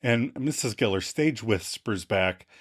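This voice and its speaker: Animated man recapping scenes with voices. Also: on the low side, husky. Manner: animated, reads out scenes and acts out the lines in quick voices. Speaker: podcast co-host recapping episodes. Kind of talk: casual podcast recap.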